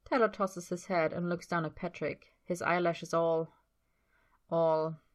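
A woman reading a story aloud in a steady, plain voice. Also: fairly low pitch, unhurried. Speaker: story reader.

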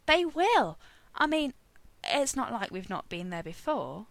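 A smug, confident young man from an audiobook story, teasing one moment and earnestly pleading the next, as a woman reads him. The delivery swings widely in pitch. It sounds close and dry. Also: sing-song, normal speed, gravelly, a bit bright, no room sound, heavily acted.

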